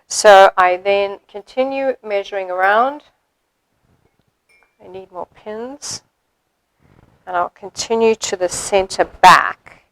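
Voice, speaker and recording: A woman demonstrating sewing steps in a chatty way, thinking aloud as she works and filling pauses with ums. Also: mid-range voice, a bit bright, dry recording, rough recording. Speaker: sewing instructor.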